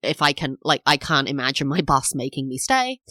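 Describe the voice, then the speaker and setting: A woman's voice: extremely low pitch, big pitch swings, a little fast, sharp tone, dry recording. A woman in her thirties, a podcast host telling a personal story in a chatty, rambling way, full of fillers and acted-out quotes. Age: 30s.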